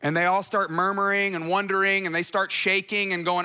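Male pastor, high bright tenor, earnest and repetitive, hall reverb. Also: little pitch movement, a little fast, hardly any pauses, clean tone. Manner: earnest, repeats phrases for emphasis, storytelling asides. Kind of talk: conversational sermon.

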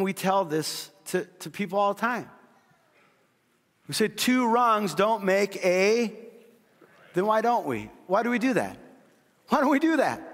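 High-voiced pastor in a reverberant hall. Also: male voice. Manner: storytelling, shifting from quick excited retelling to quiet earnest pleading. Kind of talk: sermon. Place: large church hall. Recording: long reverb of a church hall.

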